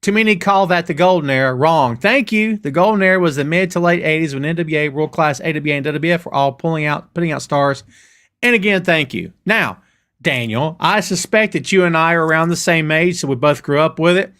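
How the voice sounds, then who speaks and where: A middle-aged man hosting a wrestling live stream, ranting and reading viewer comments in a casual, animated way. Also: on the high side, a little fast. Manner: animated, ranting, addresses chat as "brother" and "dude". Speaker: host of a wrestling show.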